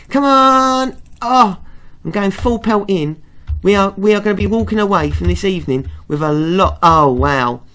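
Excitable dad gaming commentary. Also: male voice, fairly high pitch. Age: middle-aged. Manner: excitable, panicky exclamations, talks to himself. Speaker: let's play gamer. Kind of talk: live game commentary.

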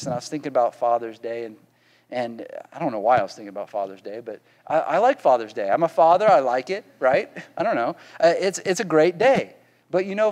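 A man's voice: medium pitch, darkish tone. A man preaching a sermon as pastor, repeating words and often checking in with "right?".

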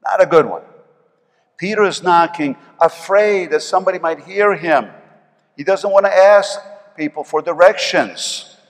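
An older man with a New York accent preaching a sermon as pastor, swinging between loud emphasis and soft asides. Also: high-pitched, measured pace. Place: church sanctuary. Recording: long reverb of a church hall.

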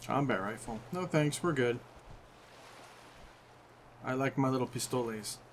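A man's voice: medium pitch, unhurried, slight background noise. A man hosting a casual let's-play, chatty and amused, greeting things on screen as he plays. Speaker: gaming channel host.

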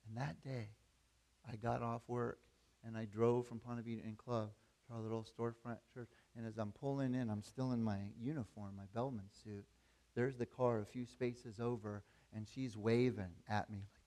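A male pastor preaching in a relaxed storytelling tone. He speaks at a middle pitch, and his voice rises into emphatic preaching. His delivery is plain and direct. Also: moderate pace. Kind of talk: sermon.

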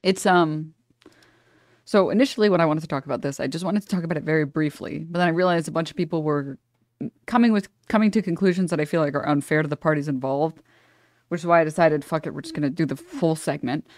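A woman's voice: low voice, fast, a little mellow, dry recording, studio quality. A woman streamer reacting to a clip at home, blunt and profane, rambling with jokes and at times keeping her voice down. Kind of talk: casual reaction commentary. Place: her apartment.

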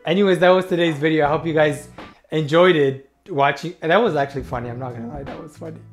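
A man's voice: on the high side, quick pace, faint music behind. A young man reacting to a TV clip in casual, sarcastic commentary, talking straight to his viewers.

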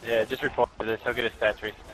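A man's voice: medium pitch, flat delivery, fast talker, a bit bright, faint music behind, low-quality recording. A young man taunting another player over online game voice chat, sarcastic and mock-sympathetic, recording his gameplay.

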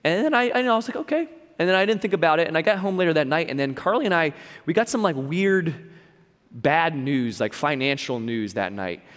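A man's voice: on the high side, animated, a little fast, fairly bright tone, in a large hall. A young man giving a sermon as a pastor, telling a personal story in a conversational way with lots of repeats and fillers. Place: church hall.

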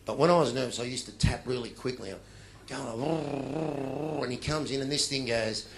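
Australian man, middle-aged, comic after-dinner storyteller, animated, faint background noise. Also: mid-range voice, fast. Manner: animated, acts out dialogue in loud bursts. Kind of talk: comic storytelling to a live audience.

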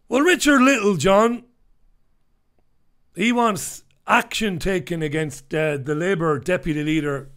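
A middle-aged man hosting a live show, reading out listener comments in a chatty, blunt and animated way, with loud asides and muttered remarks. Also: fairly high pitch. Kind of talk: casual live radio chat.

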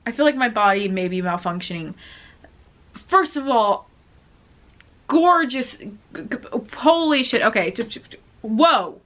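Excitable high-voiced woman reacting. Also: measured pace, pauses often. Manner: excitable, gushing, full of exclamations and "like". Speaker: reaction video host. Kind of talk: casual reaction commentary. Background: the reacted-to music video playing faintly.

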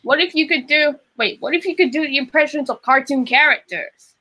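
A woman's voice: high-pitched, a little fast, bright, forceful tone, low-quality recording. A woman chatting casually, playful and eager with ideas. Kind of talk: casual chat, playful skits.

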